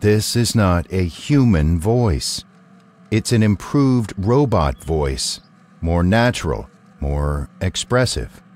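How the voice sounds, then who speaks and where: An earnest male robot, voiced by a man, talks in careful, complete sentences. His voice is very deep. He sounds sincere and almost human. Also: animated, takes it slowly, a little mellow. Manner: earnest, pleading, carefully worded.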